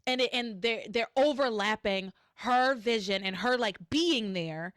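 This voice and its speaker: A woman hosting a podcast in casual recap chat, animated and acting out characters in shrill voices. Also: measured pace, no room sound, studio quality. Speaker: podcast host.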